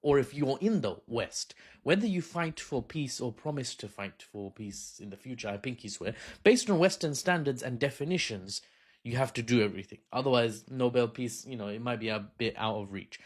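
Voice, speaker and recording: Sarcastic man with a lively voice. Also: medium pitch, moderate pace. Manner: sarcastic, mock-cheerful and self-mocking. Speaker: commentary channel host. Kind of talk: satirical political commentary.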